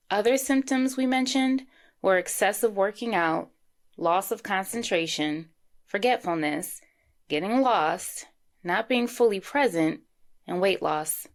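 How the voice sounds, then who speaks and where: A woman podcast host recapping the episode in a measured, reflective, scripted way. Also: mid-range voice, vocal fry.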